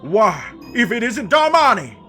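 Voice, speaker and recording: A man reading aloud as a hungry male Goron stuck on a high ledge, talking loudly and formally and gushing over food. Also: sing-song, a little slow, soft background music, full character voice. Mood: grateful.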